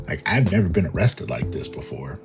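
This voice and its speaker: A young man telling a personal story as a vlogger, halting and repeating himself with many fillers. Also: deep voice, very animated, gravelly, over music. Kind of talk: storytelling monologue.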